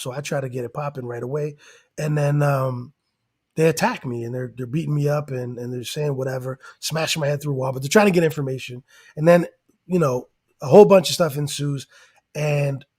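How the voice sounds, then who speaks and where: A man telling a long story in casual chat, excitable and rambling, acting out what people said. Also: on the high side, husky. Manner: excitable, rambling, acts out quotes. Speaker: guest rapper and actor.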